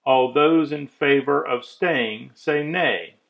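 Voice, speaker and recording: A man voicing a group of bossy little animal guests on a moose's horns, shrill and demanding, in a storybook reading. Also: slow pace, gravelly, lo-fi sound.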